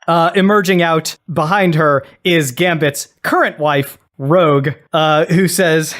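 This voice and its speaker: A man telling a comedic story on a podcast, narrating scenes and slipping into voices with deadpan asides. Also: a little high, a little slow. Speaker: podcast co-host and player.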